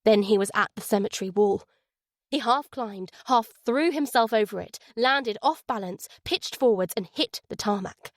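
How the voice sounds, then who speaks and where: A woman's voice: mid-range voice, dry recording, clean studio sound. Woman narrating a suspenseful audiobook. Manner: measured, suspenseful reading.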